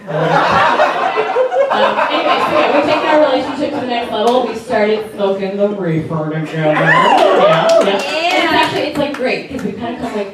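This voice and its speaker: A woman in her twenties doing a stand-up comedy set, chatty and rambling, with lots of fillers and giggles. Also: mid-range voice. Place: comedy club stage. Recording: echoey club, distant mic, loud noise.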